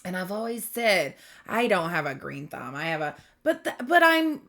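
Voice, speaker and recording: A middle-aged woman giving a rambling spiritual tarot reading, gentle and full of fillers and restarts. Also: fairly low pitch, very animated, moderate pace. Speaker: tarot reader.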